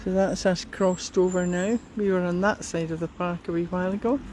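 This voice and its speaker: A woman with a Scottish accent chatting while out walking in a riverside park, unhurried and a little out of breath. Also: fairly low pitch, steady tone, a little mellow, a little hiss or hum, poor audio. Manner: chatty, unhurried, talks to her dogs. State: slightly out of breath. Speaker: vlogger. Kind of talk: casual walking commentary.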